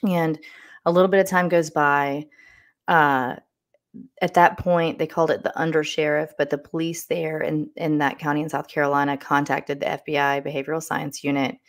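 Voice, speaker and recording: A woman's voice: deep voice, level tone, moderate pace. A woman hosting a podcast, telling a true-crime story in a casual, meandering way with restarts. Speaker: podcast host.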